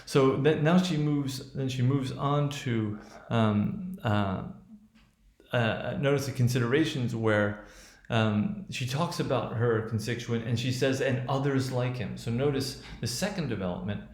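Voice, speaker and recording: A man gives a lecture that breaks down how a speech is built and delivered. He stops and restarts often and keeps asking "right?" as he goes. His voice is mid-pitched, and the recording has a roomy echo. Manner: halting, with many restarts and fillers; checks in with "right?". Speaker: teacher.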